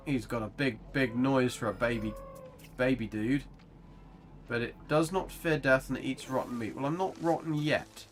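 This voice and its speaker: A man's voice: medium pitch, moderate pace. A British man giving chatty, rambling gameplay commentary on a livestream, swearing casually. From England. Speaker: gaming livestreamer.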